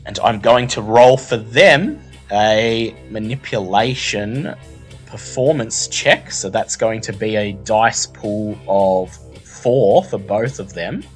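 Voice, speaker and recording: Slow-narrating male game master. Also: fairly low pitch, faint music behind.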